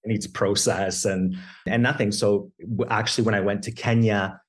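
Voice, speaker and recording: A man's voice: fairly low pitch, moderate pace. A man in his thirties from Canada, telling his story as a podcast guest, with lots of restarts and acted quotes of his family. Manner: animated, quotes family in raised voice. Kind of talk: conversational storytelling.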